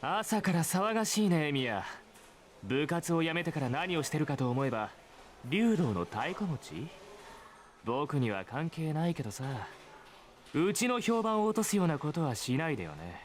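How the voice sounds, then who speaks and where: A man's voice: a little high, very animated, quick pace. A man voicing a sneering, arrogant teenage schoolboy in an anime visual novel, talking down in a needling, condescending way.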